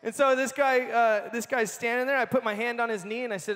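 A man giving a sermon as a personal story, animated and laughing often as he tells it. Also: very high voice, fairly quick. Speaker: conference speaker. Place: large conference hall. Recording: long hall reverb.

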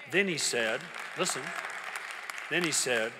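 An older man preaching a sermon as pastor, telling a personal story and swinging from hushed to loud. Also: mid-range voice, lively intonation, unhurried, a faint crowd. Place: large church auditorium. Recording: reverberant church hall with congregation.

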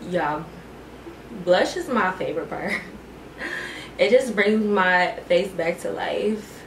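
Slow-paced and lively in intonation, a lowish female voice belongs to a young beauty vlogger talking viewers through her makeup routine. She calls them "y'all" and "girl," with echo and faint noise in the recording.

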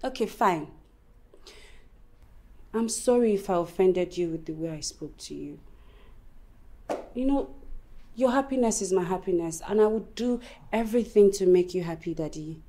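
A pleading young Nigerian wife. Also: female voice, lowish voice, animated, normal speed, pauses often, mellow. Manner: pleading, tender. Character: loving young wife torn between father and husband. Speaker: wife and daughter. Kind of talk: film drama acting.

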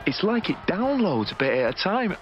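An actor playing a humble ordinary man who believes he is the Son of God, speaking haltingly. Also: high-pitched, very animated. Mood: wondering. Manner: halting, searching for words. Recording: muffled TV clip with loud music and crowd.

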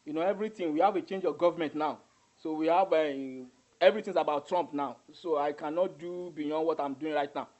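A man with a Nigerian accent playing a smooth-talking immigration agent who brushes off an angry client. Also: fairly high pitch, a little fast, a little mellow, dull audio, natural voice. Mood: soothing evasive. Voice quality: brushes off, pidgin-tinged.

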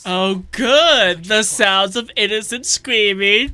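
A man giving comedic, profane commentary while playing a video game, often bursting into yells. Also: high voice, expressive, a little slow, no room sound. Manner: joking, swearing, sudden yelling outbursts. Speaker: gameplay commentator. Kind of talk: comedic let's-play commentary.

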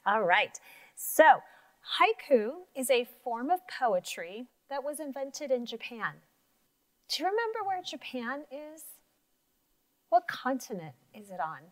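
Upbeat woman teacher talking to little kids, high lively voice, dry sound. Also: unhurried, dry recording. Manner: upbeat, encouraging. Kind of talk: writing lesson for young children.

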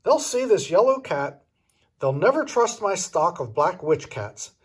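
A man's voice: high-pitched, sing-song, measured pace, slightly rough, exaggerated voice. A man voicing a fussy witch who guards her cats, in a raised, worried storybook voice.

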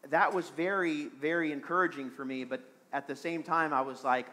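A man's voice: a little high, steady tone, normal speed, sharp tone. A man preaching a sermon as pastor of a small church, earnest and repeating phrases for emphasis.

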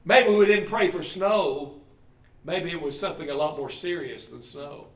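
A man's voice: fairly high pitch, normal speed, fairly bright tone, reverberant, distant mic. A man preaching a sermon in a conversational way, putting questions to the congregation. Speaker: pastor.

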